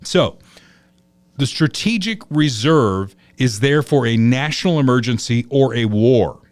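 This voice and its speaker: A man hosts a political talk show, chatty and opinionated, telling stories in an easy way. His mid-range voice has lively intonation and a slightly slow pace, recorded dry and close with no room sound.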